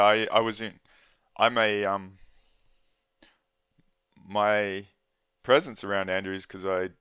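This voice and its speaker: A man with a very low, flat voice talks as a guest in a conversation, earnest and halting, often breaking off to start again. His tone is smooth and clear, and the sound is dry and close. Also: dry recording. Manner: earnest, halting, with many restarts. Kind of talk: casual conversation.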